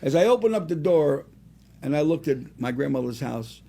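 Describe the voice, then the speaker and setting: Gravelly-voiced man around seventy. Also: fairly high pitch, moderate pace. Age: about 70. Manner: animated, rambling anecdotes. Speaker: singer and restaurant owner, guest. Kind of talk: casual storytelling interview.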